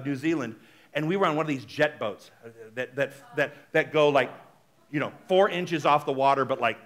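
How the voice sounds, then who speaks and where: A man giving a sermon as a minister, talking in a chatty, animated way and speaking straight to the congregation. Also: medium pitch. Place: spiritual center service.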